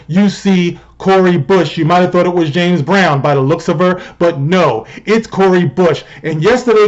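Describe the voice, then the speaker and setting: A man with a fairly high-pitched voice delivers opinionated commentary as the host of his own show. He talks conversationally and rhetorically, checking in with the listener. The sound is dull and lo-fi. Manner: conversational, rhetorical, often asks "you know what I mean".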